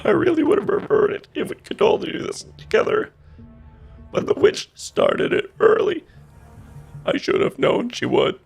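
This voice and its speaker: A man voicing a sinister male stranger in a high, breathy half-whisper, coaxing and menacing. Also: wildly swooping pitch, normal speed, a little mellow, faint music behind, full character voice.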